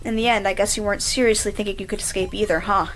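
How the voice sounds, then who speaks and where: A woman's voice: mid-range voice, fairly even intonation, racing, natural voice, low-quality recording. Mocking young man's hallucination, read by a woman; smug, taunting.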